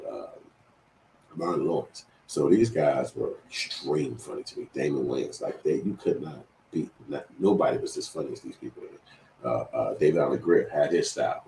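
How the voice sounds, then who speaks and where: A middle-aged man with a very low voice tells a story in a loose, profane, rambling way, often starting a sentence over. He sounds roomy and a little distant from the mic, with faint ambience behind him. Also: moderate pace, vocal fry, warm tone, slight background noise. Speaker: commenter telling a personal story. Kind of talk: casual storytelling.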